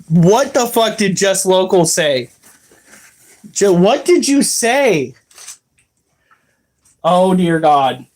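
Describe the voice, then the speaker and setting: Casual profane streamer, slow drawn-out delivery, rambles and reacts to chat. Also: mid-range voice, big pitch swings, darkish tone. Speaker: livestreamer reading chat.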